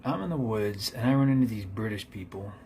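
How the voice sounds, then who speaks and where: A man narrates an absurd comic ghost story in a deadpan, rambling manner, at times dropping to a whisper. His voice sits low. A faint ambient hum stays under the recording. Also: a little fast.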